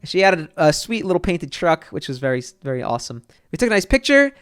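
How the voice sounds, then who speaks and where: A young man, a streamer, telling a casual story in an excitable, profane, rambling way. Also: a little high, brisk, background noise.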